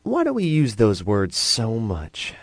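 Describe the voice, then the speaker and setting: A man voicing a patient, gentle mother who speaks softly and approvingly in a children's storybook. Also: fairly low pitch, huge pitch swings, slow, no room sound, voice pushed up, exaggerated voice. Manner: soft, approving.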